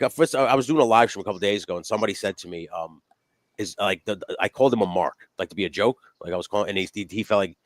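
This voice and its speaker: A man's voice: deep voice, no echo, studio quality. Profane ranting man on a podcast. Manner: profane, ranting, animated storytelling. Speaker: podcast host. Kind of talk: casual wrestling podcast chat.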